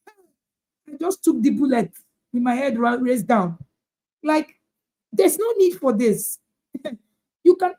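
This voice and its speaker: A woman's voice: sits high, lively intonation, slow, long pauses, a little mellow. A woman parenting coach giving a motivational talk to parents, emphatic, repeating her points and asking rhetorical questions.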